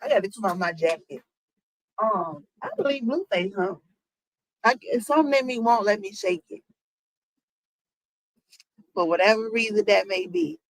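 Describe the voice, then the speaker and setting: Gravelly woman chatting with her stream. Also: mid-range voice, animated, moderate pace, long pauses, dry recording, low-quality recording. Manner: talks to chat, rhetorical questions, African American Vernacular English phrasing. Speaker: streamer reacting to celebrity news. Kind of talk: casual reaction chat to viewers.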